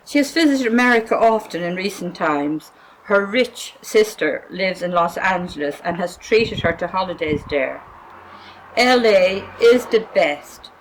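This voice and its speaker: A woman's voice: lowish voice, slight background noise, rough recording. A woman with an Irish accent reading her own short story aloud in a dry, wry manner.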